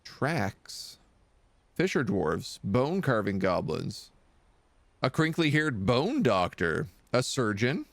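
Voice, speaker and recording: A man's voice: mid-range voice, big pitch swings, slow, vocal fry, dry recording. A man streaming a video game, chatting casually and reading the game's text aloud.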